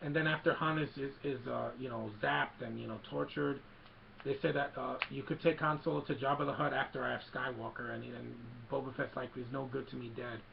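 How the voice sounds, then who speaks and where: A man's voice: medium pitch, steady tone, brisk, vocal fry, dull audio, slight background noise. A man casually retelling a movie scene by scene, rambling with many fillers. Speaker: film recap vlogger.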